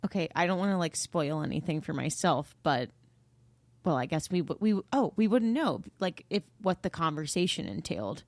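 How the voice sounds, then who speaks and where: Deep-voiced woman podcast co-host. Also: lively intonation, normal speed, a little mellow, dry recording. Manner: questioning, plays devil's advocate. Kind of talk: casual true-crime podcast chat.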